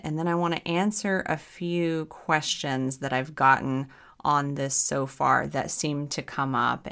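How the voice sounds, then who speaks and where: Woman podcast host, hypnotherapist; low voice, chatty and self-mocking. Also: a bit bright, clear, resonant tone. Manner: chatty, upbeat, laughs at herself. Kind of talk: casual solo podcast talk.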